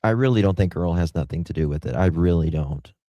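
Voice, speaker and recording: A man's voice: low voice, fast talker, mellow, dry recording, lo-fi sound. A man hosting a casual livestream, chatty and defiant, thanking his viewers. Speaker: livestream host.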